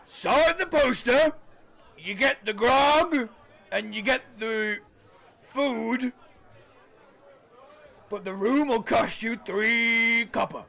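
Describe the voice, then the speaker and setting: A man voicing a loud, brusque male tavern keeper who bellows and swears bluntly. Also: very high-pitched, takes it slowly, vocal fry, pauses often, a faint crowd, exaggerated voice. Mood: gruff.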